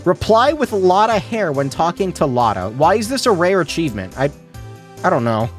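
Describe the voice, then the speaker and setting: A man's voice: high voice, very animated, normal speed, faint music behind. A man streaming a game, rambling and swearing in casual commentary, tripping over his words.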